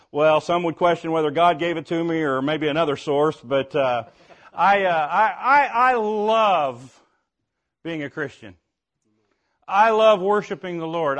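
A man's voice: a little high, a bit bright. An older man preaching in a playful, folksy way, often restarting his words and sometimes singing a spelled-out song. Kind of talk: playful sermon with sung spelling songs.

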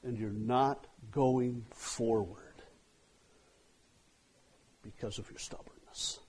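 A pastor telling a story in a sermon, swinging from loud outbursts to hushed asides. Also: male voice, medium pitch, steady tone, takes it slowly, a little hiss or hum.

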